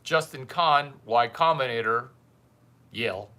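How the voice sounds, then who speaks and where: Here a man mentors his livestream viewers in a loose, chatty monologue, teasing them bluntly and echoing his own lines for effect. He keeps a measured pace, and his mid-range voice comes across bright and forceful.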